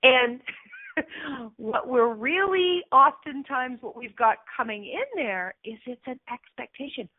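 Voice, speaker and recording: Woman host on a husky phone line. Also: fairly high pitch. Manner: lively, laughs often, acts out voices. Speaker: radio show host and coach. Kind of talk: casual coaching talk show.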